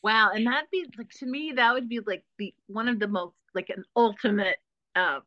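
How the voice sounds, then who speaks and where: A bubbly woman from Texas with a bright, forceful, fairly high voice, hosting a casual interview. She talks in loose run-on phrases packed with "like". The audio is dry and a little dull and lo-fi. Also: normal speed, no room sound. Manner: bubbly, lots of "like" and restarts. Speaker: podcast host.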